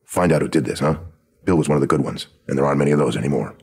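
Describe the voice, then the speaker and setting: A man voicing a sharp, sardonic woman screenwriter of the 1920s in a true crime audio drama, with a dry, knowing manner. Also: very deep voice, very fast, vocal fry, slightly rough, full character voice. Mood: wry.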